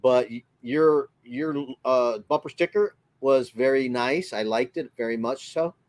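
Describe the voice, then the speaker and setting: A man chats on a relaxed livestream from inside his RV. He talks at a middle pitch and greets his viewers one by one by name. His manner stays friendly and chatty. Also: unhurried. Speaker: livestream host. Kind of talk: casual livestream chat reading comments.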